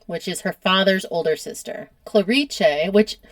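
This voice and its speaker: An American woman hosting a casual history podcast, chatty and quick to laugh at herself. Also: medium pitch, lively intonation, no echo. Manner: chatty, laughs often, self-deprecating. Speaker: podcast host.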